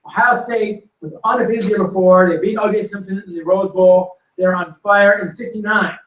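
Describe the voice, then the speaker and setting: A man telling animated football stories to an audience and acting out quotes and punchlines. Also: high voice, moderate pace. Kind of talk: storytelling to a live audience. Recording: roomy hall recording from a distance.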